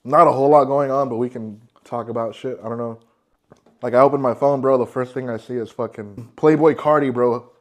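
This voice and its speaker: A man's voice: medium pitch, steady tone, a little fast. A man hosting a casual podcast, talking in slang, swearing and saying "bro" constantly. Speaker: podcast host. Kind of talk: casual chat.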